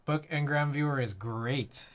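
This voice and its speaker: A man talks loosely to his live chat while working through a keyboard build. His pitch sits in a mid range, and he rambles with lots of "like" fillers and frequent chuckles. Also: takes it slowly. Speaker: livestreamer.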